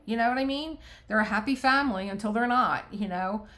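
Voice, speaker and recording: A woman's voice: fairly high pitch, a little fast, fairly bright tone. A middle-aged woman from the United States chatting to camera while she does a craft, rambling and heartfelt, with many restarts and quoted asides. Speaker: crafting vlogger. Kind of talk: casual talk to camera while diamond painting. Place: home art room.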